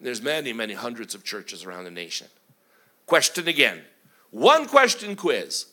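Speaking at a moderate pace, a middle-aged guest preacher tells story after story in an energetic sermon. His voice rises to a boom, then drops to a hush.

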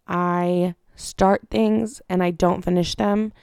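A woman's voice: on the low side, steady tone, takes it slowly, creaky, darkish tone, clear, resonant tone, no echo, clean studio sound. A young woman hosting a casual solo podcast, chatty and rambling with lots of fillers and the odd swear. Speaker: podcast host.

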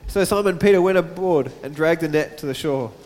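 Here the pastor's voice is fairly high yet darkish in tone, and he moves at a fairly quick clip. Between scripture verses he talks casually with the congregation, all within a long, reverberant hall.

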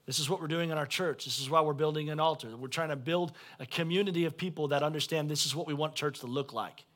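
A man, preaching a sermon as pastor and swinging between quiet asides and loud shouted calls. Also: on the high side. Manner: blunt, folksy preaching.

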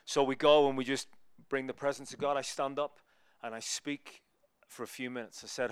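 A man giving a sermon as a guest preacher, telling lively stories and acting out the people in them. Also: medium pitch, moderate pace, clean tone, no room sound, clean studio sound. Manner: animated, acts out people in his stories. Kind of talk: storytelling sermon.

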